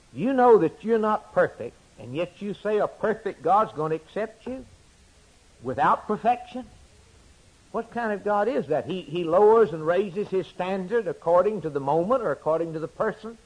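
A man preaching a sermon, swinging between loud emphatic declarations and hushed, quiet asides. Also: high-pitched, lively intonation, normal speed, breathy edge, poor audio.

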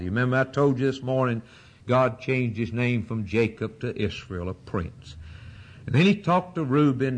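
A man's voice: mid-range voice, breathy edge. Older man, preacher, sermon, fervent, rising and falling intensity. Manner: preaching with rising fervor and sudden drops.

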